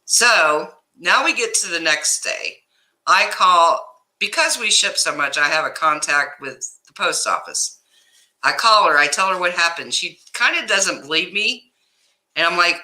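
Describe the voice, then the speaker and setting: Bright-voiced woman venting on a livestream. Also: on the low side, unhurried, low-quality recording. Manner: animated storytelling, greets viewers by name. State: upset, stressed. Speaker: livestream host. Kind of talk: casual livestream chat.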